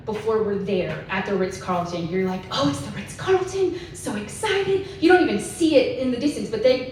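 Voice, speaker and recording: A woman, telling a story as a conference speaker in a chatty way, with lots of "like". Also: fairly high pitch. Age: 30s. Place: conference hall. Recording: echoey hall, voice from far off, faint hiss.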